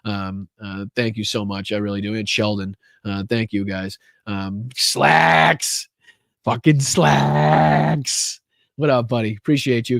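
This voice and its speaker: A man on a live podcast stream talks off the cuff, full of fillers and casual swearing as he shouts out supporters. His voice sits at an ordinary middle pitch. The sound is close and dry, with no room echo. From Boston area. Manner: loose and profane, many fillers, warmly thanking viewers. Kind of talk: casual live-stream chat reading donations.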